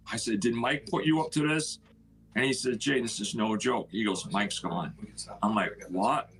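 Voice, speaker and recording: A man's voice: medium pitch, fairly bright tone, a little hiss or hum, rough recording. Man telling a painful story. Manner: emotional, halting, acts out quoted dialogue. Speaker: house owner telling his story. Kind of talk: personal storytelling.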